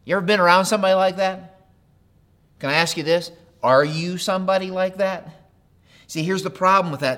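A man delivers a sermon as a pastor, his voice sitting a little high. He talks plainly to his listeners, asks them questions and repeats his key phrases. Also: fairly bright tone. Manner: conversational preaching with direct questions and repeated phrases.

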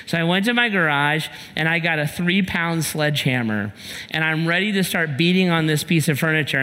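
Pastor, male, bright forceful voice, lively sermon delivery, long hall reverb. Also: on the high side. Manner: animated storyteller, shouts in punchlines. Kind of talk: sermon with humorous story. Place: church sanctuary.

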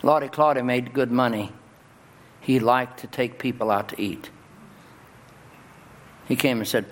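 A male pastor delivering a sermon in a church, his voice jumping high and loud on key words. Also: a little slow, long pauses, a little hiss or hum. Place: church sanctuary. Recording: long hall reverb, faint ambience.

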